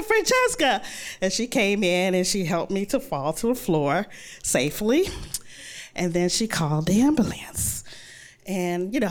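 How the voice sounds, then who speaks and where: A woman telling a true personal story to an audience in a lively, conversational way, acting out her own thoughts as she goes. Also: lowish voice.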